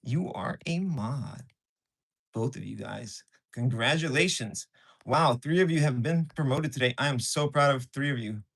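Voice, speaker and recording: A man on a casual live stream, excitably answering and teasing his viewers, recorded on a camera set on a tripod. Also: medium pitch, a little slow, creaky. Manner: excitable, jumpy, teasing, answers chat messages aloud.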